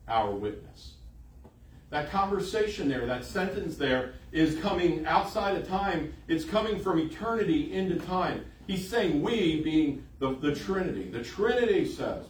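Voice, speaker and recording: A man's voice: fairly high pitch, very animated, moderate pace, slight background noise. A man preaching a sermon in an emphatic way, repeating phrases for emphasis. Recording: echoey room, voice from a distance.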